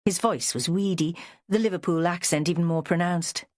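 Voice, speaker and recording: A woman reading an audiobook in measured, expressive scripted narration. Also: on the low side, no echo, studio quality.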